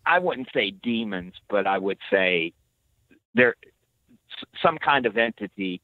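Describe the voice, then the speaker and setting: A man calling into a talk show, sharing his views in a halting way with many fillers. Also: fairly low pitch, big pitch swings, no echo. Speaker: caller. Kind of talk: casual phone-in chat. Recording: tinny phone line.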